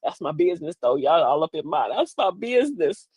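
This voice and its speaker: Animated older woman, laughing and sassy. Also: sits low, fairly quick, breathy edge, no room sound. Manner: animated, laughing, sassy Southern-style asides. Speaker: host. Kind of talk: comic storytelling monologue.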